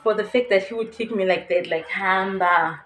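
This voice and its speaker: A woman's voice: medium pitch, fast, slight background noise, poor audio. A young South African woman with a South African accent, candidly telling a personal story to her viewers and laughing nervously at times. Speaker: YouTuber. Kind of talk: storytime vlog.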